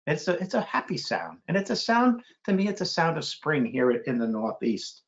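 In a dull-sounding recording, a middle-aged man reads a children's book aloud at an ordinary pace. His animated delivery breaks now and then into playful bird imitations with sudden high hoots.

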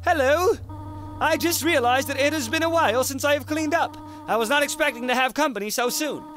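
A man voicing a gentle, motherly female goat caretaker in a formal, polite way. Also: very high voice, fairly quick, voice pushed up. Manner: polite, formal, softly reading text aloud.

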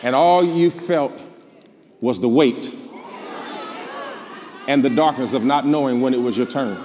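A man with a Southern American accent, a pastor preaching a sermon, calling out to the congregation and then dropping into low asides. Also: a little slow, long reverb tail. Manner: call-and-response preaching, swings from shouting to low asides. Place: large church before a live congregation. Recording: live church with crowd and noise. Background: congregation responding.

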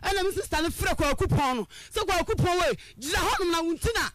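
A woman caller giving an emotional account of a family dispute, animated and often raising her voice. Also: very high voice, fast talker, dry recording, clean studio sound.

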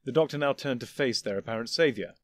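Male narrator, mid-pitch, dry close recording, steady dramatic reading. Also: quick pace, no room sound. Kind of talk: audiobook narration of fan fiction.

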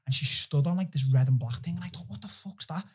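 A young man, a podcast guest, telling animated, profane stories in casual chat and laughing through them. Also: fairly high pitch, fast, husky.

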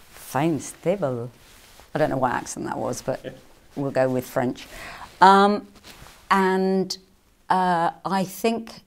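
A middle-aged woman from England with a low-pitched voice answers fan questions in a relaxed, conversational way. She is chatty and playful and jumps up into brighter pitches when she quotes other people. She speaks as a stage actress and singer would. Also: clean tone. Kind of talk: casual interview answers.

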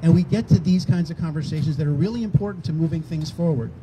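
A man's voice: on the high side, fast talker, background noise. An older man, a rally organizer, speaking conversationally to a crowd outdoors and acting out quoted exchanges. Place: outdoors on a town green.

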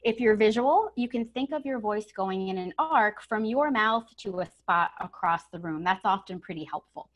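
A woman giving a webinar lesson on using the voice, stressing key words and shifting her pitch and loudness to show each tip. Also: moderate pace, few pauses. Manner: demonstrative, emphatic, varies pitch and volume to show tips. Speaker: communication trainer. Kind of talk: webinar coaching on voice. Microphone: home setup over video call.

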